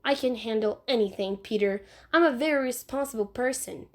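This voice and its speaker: A woman's voice: fairly high pitch, brisk, natural voice. A woman reading aloud and voicing a bossy, self-assured young girl who insists on being in charge. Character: bossy know-it-all young girl babysitter.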